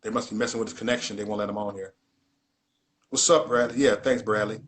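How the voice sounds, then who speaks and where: A man's voice: on the low side, steady tone, fast. A man hosting a casual livestream, talking in an emphatic, repetitive, preachy way. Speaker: livestream host.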